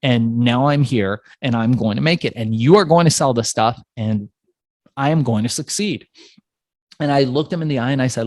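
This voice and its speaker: Dry-voiced man telling a lively story. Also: mid-range voice, moderate pace, no room sound. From Iran. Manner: acts out voices of people in his stories. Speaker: entrepreneur guest. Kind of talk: animated storytelling in an interview.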